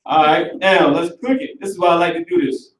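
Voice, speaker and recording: A man teaching an online Hebrew class in a casual, animated way, talking aloud as he works through the screen. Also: high-pitched, fairly quick. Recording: roomy recording from far off the mic.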